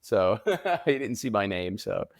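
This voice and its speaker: A man chatting about his makeup work, his voice fairly low and the sound dry with no room echo. He tells stories with energy and acts out the lines of the people in them. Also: measured pace, gravelly. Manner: animated storyteller, acts out quotes. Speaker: prosthetic makeup designer. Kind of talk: casual interview chat.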